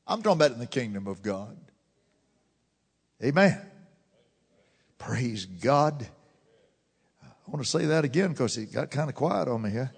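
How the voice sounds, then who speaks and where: A fervent man preaching a sermon in a church, swinging from loud declarations to hushed murmurs. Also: medium pitch, animated, unhurried, creaky, long pauses, breathy edge. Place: church sanctuary. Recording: long church reverb.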